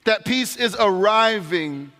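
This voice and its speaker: A man delivers a sermon as pastor in a large church sanctuary, speaking earnestly to the congregation and often restarting his words. His voice sits high and bright. Long reverb from the hall trails behind every phrase. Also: lively intonation, slow. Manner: earnest preaching with restarts and direct address.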